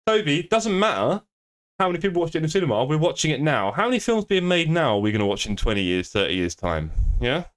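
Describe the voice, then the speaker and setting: A man's voice: a little high, sing-song, fast talker. Man, sim racing streamer, casual banter with chat, joking, laughs often, desk mic at home. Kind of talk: casual live-stream chat reading viewer comments. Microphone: desk streaming microphone.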